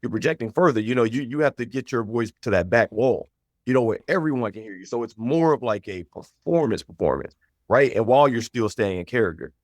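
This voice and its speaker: A man's voice: mid-range voice, expressive, a little fast, no room sound, clean studio sound. Earnest man giving acting advice. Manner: earnest, advising, repeats phrases. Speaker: actor, interview guest. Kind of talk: casual interview chat.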